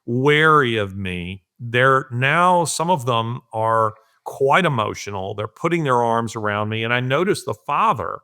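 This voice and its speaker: Middle-aged man, bright forceful tone, earnest, emphatic, podcast conversation. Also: medium pitch, animated, measured pace, few pauses, clear, resonant tone. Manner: earnest, emphatic, acts out quotes. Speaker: guest commentator. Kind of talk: casual podcast conversation, storytelling.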